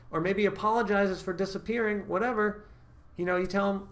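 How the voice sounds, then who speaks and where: A fairly high-pitched man talks straight to his viewers as a dating coach. He is upbeat and emphatic and keeps checking in with quick asides. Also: fairly even intonation, fairly bright tone. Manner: upbeat, emphatic, frequent "all right?" check-ins. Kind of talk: direct-to-camera advice talk.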